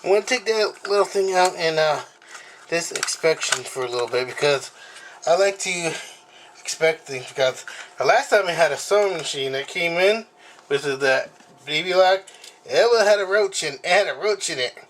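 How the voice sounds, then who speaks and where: A man hosting a casual unboxing vlog at home, talking in a rambling, halting way with many fillers and apologies, recorded on the camera mic. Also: fairly high pitch, lively intonation, fairly bright tone, slight background noise. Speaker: video host.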